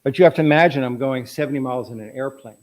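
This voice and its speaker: A man's voice: medium pitch, racing, rough recording. A middle-aged man presenting his photographs at an artist talk, telling anecdotes in a rambling way with frequent restarts.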